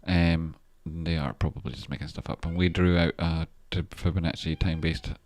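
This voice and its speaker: A man's voice: rumbling low, fairly even intonation, moderate pace, a little mellow. A man hosting a casual live stream, rambling and thinking aloud about stock charts, with the odd swear word. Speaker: trader and channel host.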